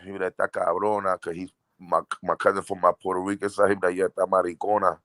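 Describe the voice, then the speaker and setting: A man's voice: deep voice, level tone, quick pace, a bit bright, no room sound. A man with a Dominican New York accent telling stories in a casual chat, switching between English and Spanish and laughing as he acts out quotes.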